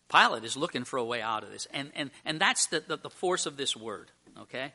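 A man's voice: medium pitch, lively intonation, quick pace, few pauses, pushed and bright, breathy edge. A male pastor preaching a sermon to his church at communion, emphatic and full of rhetorical questions.

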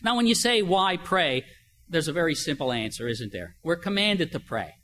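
A man's voice: on the high side, very animated, normal speed, a bit bright. An older man preaching a sermon in a conversational way, telling everyday stories and asking rhetorical questions. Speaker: pastor.

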